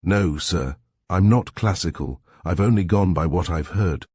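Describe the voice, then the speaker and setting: A man's voice: deep voice, measured pace, darkish tone, husky, no room sound, studio quality. A man reading the lines of a meek, polite young woman. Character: meek but spirited young woman narrator.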